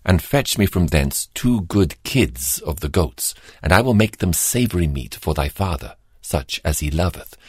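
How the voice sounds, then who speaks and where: A man's voice: sits low, husky, no echo, studio quality, exaggerated voice. A man voicing a scheming mother who gives firm, insistent commands to her son.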